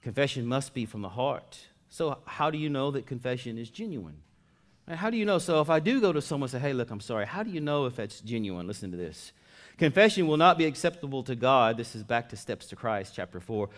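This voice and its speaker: A male pastor preaching in a chatty, conversational way. His voice sits at an ordinary middle pitch. He drops quiet for asides and then swells loud and emphatic to drive points home. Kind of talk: sermon.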